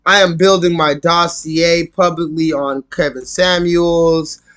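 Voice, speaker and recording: A man's voice: on the high side, steady tone, slow pace, a bit bright, clean tone. A man streaming live, delivering a heated, profane rant to his viewers and repeating his points for emphasis. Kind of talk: ranting live stream monologue.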